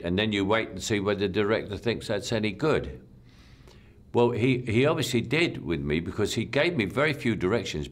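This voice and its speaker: An older man speaks in a very deep, low voice, reflecting on his work as an actor. He rambles, doubles back on his words and lets his sentences trail off quietly. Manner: rambling, repeats words, soft trailing asides. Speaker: actor being interviewed. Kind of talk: reflective interview talk.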